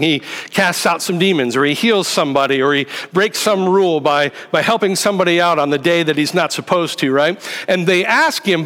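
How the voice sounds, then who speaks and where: A male pastor delivers a sermon in a relaxed teaching tone, often checking in with the room through quick questions. His voice sits high for a man. The sound carries a long reverb from a church hall. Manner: conversational teaching with rhetorical questions.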